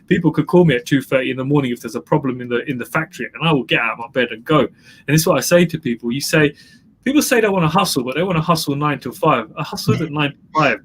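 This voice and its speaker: A man's voice: on the high side, expressive, fast, fairly bright tone, a little hiss or hum. Emphatic man telling his business story. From England. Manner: emphatic, repeats phrases for effect. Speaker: guest entrepreneur. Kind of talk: storytelling interview talk.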